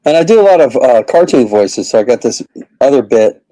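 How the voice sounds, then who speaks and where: A man's voice: medium pitch, expressive, a little fast, dark tone, no echo, low-quality recording. A man who is a comedian, rambling casually as a guest in an interview. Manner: rambling, chatty, lots of fillers.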